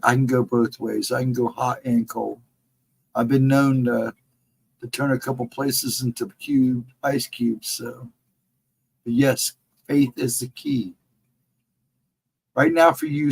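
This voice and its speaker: Husky man giving earnest encouragement. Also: medium pitch, poor audio. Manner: earnest, encouraging, repeats advice. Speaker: livestream co-host. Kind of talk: casual supportive chat.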